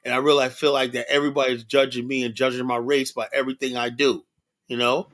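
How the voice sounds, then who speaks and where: A man's voice: medium pitch, little pitch movement, fast talker, fairly bright tone. A man hosting a livestream show, talking bluntly and casually in a rambling monologue, often adding "you know.".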